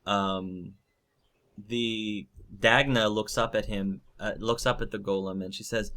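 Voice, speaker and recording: A man's voice: on the low side, steady tone, measured pace, a bit bright. A man narrating a tabletop role-playing game as game master, hesitant and full of ums.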